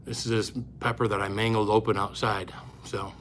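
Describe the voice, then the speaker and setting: Talking into a close-range phone camera in an upstairs room, this pepper-eating channel host greets viewers by name and chats casually during his hot-pepper live stream, a bit winded. His lowish voice is flat and fairly bright at a normal speed, with a little hiss or hum.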